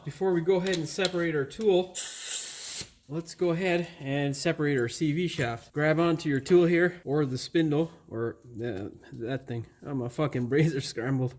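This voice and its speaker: A man's voice: fairly high pitch, slight background noise. A man working in a garage as he explains a car repair, often frustrated and swearing under his breath, picked up by a camera mic a few feet off. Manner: frustrated, swearing and muttering to himself while working. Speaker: auto mechanic host. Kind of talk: hands-on repair tutorial. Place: auto repair garage, indoors.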